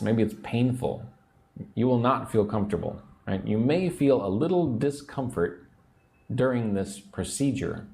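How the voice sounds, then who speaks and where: Man, English teacher on a livestream, deep mellow voice, unhurried, lots of rise and fall. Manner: slow, explains words and drills pronunciation, reads viewer comments. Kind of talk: livestream language lesson. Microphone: own microphone at a computer.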